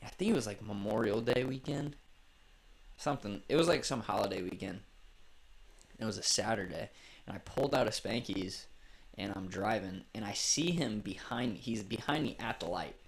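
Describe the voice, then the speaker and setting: Gravelly laid-back young man. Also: on the low side, moderate pace. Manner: laid-back, swears freely, acts out both sides of arguments. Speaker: podcast host. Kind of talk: casual storytelling chat.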